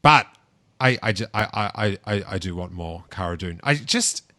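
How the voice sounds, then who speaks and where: Bright, excitable male podcast host. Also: sits low, moderate pace. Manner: excitable, playful, trailing restarts. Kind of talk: casual podcast chat.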